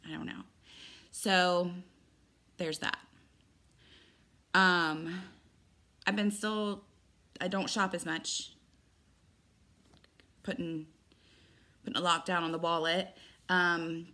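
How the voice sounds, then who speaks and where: Bright-voiced rambling woman vlogger. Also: lowish voice. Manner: rambling, full of fillers and restarts. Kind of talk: casual chatty vlog. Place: indoors at home.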